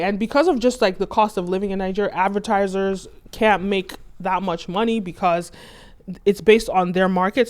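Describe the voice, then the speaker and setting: Woman host, mid-pitched, conversational explainer with loose fillers. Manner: conversational, leans on "right?" and "like". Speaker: channel host. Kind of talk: casual explanatory commentary.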